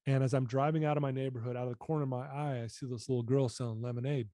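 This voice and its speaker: A man's voice: mid-range voice, fairly even intonation, racing, warm tone, dry recording, clean studio sound. A man in his fifties telling his personal story as a podcast guest, earnest and emotional.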